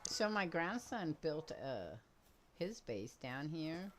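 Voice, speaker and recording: Older lady streaming a game w her daughter, super low voice, laughs a lot. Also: very animated, slow, soft background music. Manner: chatty, laughs easily. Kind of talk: casual gameplay chat.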